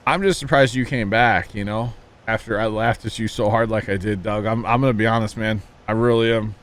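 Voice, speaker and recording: A man on the low side of the pitch range speaks fairly quickly with fairly even intonation and a fairly bright tone, and a little hiss or hum can be heard. He's livestreaming a farming game, rambling casually to viewers with folksy stories and asides.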